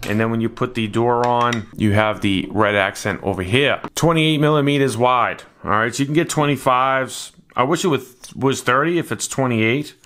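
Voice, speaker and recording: A man's voice: medium pitch, normal speed, few pauses, fairly bright tone. A man narrating a casual hands-on product review in a laid-back, matter-of-fact way.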